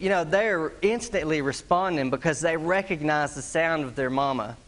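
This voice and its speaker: Preaching at a moderate pace with few pauses, this middle-aged pastor has a somewhat high, slightly bright voice. His storytelling is homespun and full of laughter, punctuated by mimicked animal sounds.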